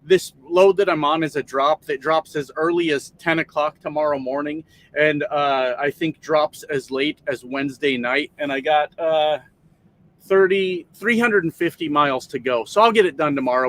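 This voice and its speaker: Profane rambling trucker streamer. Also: male voice, fairly high pitch, moderate pace, a bit bright. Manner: profane, rambling, reads out chat names. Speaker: trucker livestream host. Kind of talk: casual livestream chat. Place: parked truck sleeper cab.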